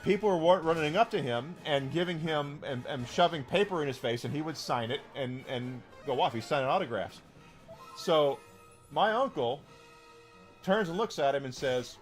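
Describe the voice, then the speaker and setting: A man's voice: on the high side, lively intonation, normal speed, faint music behind. A man streaming a game and telling a long story in a rambling, casual way, full of restarts and fillers.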